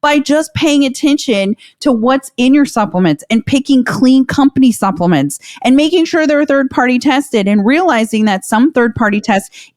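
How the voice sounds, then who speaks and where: A woman's voice: high voice, no echo, studio quality. A woman guest on a podcast, talking casually and emphatically, swearing and exclaiming as she goes. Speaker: podcast guest, herbal company founder.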